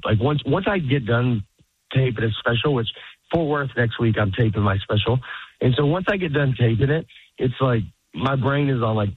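A man's voice: medium pitch, breathy edge, no room sound. A man talks as a comedian guest in a loose, rambling interview. He breaks into laughs and slips into little voices for the people he quotes. The sound is narrow and phone-like, and it is quite dry. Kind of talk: casual interview chat.

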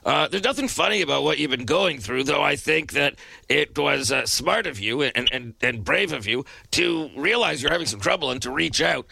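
A man hosting a late-night call-in radio show, answering a caller in a halting, hesitant, measured way. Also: on the high side, lively intonation, creaky, pushed and bright, no echo. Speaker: radio talk show host.

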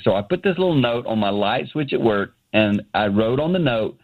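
A man's voice: lowish voice, animated, normal speed, few pauses. A middle-aged man tells a personal story in an earnest way, speaking from his office as a guest on a phone interview. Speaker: guest, ministry founder. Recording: tinny phone line.

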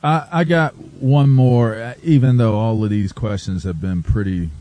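A man's voice: on the low side, unhurried, warm tone, no room sound. A male podcast host asking questions in a laid-back, sarcastic way. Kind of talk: casual interview chat.

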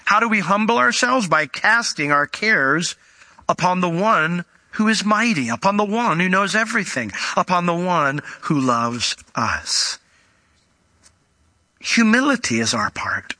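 Male preacher, sermon, teaching style, brilliantly bright tone, slightly high voice, dry close sound. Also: very animated, a little slow, no echo. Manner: expository, explains word meanings and rhetorical questions; acts out voices of Jesus and Martha in quotes.

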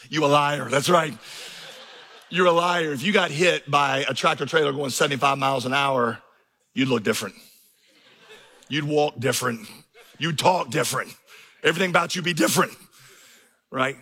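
A man's voice: mid-range voice, moderate pace, pauses often, bright, forceful tone, breathy edge. A man preaching a sermon as pastor, telling stories and building to impassioned emphasis. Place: large church auditorium. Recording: reverberant hall.

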